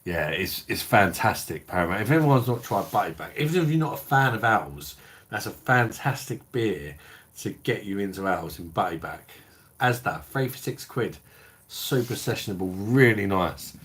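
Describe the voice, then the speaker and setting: A tipsy middle-aged man chats loosely on a live stream, swearing and calling everyone mate. His voice sits very low and deep. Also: lively intonation, moderate pace, a bit bright, breathy edge. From England. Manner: blokey, sweary, reads out viewer comments. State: tipsy from drinking. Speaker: beer review channel host. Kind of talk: casual live stream chat.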